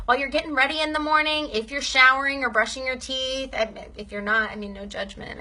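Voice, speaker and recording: A woman's voice: sits high, fairly even intonation, brisk, sharp tone. A young woman giving a casual training talk to her sales team, upbeat and chatty, often checking in with "okay?".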